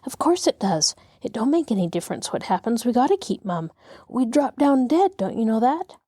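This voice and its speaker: A woman voicing a scrappy, easily frightened boy who talks in excited, breathless whispers with a rustic drawl. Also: on the high side, normal speed, husky, no echo, studio quality, pitched above the performer's own voice. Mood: insistent whisper.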